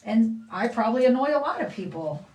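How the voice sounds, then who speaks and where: A woman's voice: fairly high pitch, expressive, a little fast, a little mellow, recorded from a distance. A middle-aged woman livestreaming, chatting casually in a blunt, rambling way and repeating herself.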